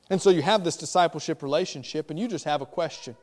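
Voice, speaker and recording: A pastor preaching a sermon, with animated, emphatic delivery and rising questions. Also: male voice, sits high, a little fast, big-room sound.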